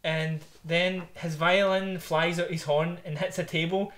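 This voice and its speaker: A man's voice: a little high, measured pace, slight background noise. A man co-hosting a casual podcast chat, telling stories with swearing and laughter. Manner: animated storytelling, swearing, laughing often. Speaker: podcast co-host.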